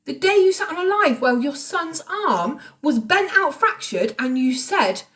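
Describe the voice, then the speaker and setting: A woman's voice: high-pitched, expressive, unhurried, a bit bright. Sweary woman ranting on a livestream. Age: late 30s. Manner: confrontational, sweary, sarcastic. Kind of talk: heated livestream rant. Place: at home, recording on TikTok Live.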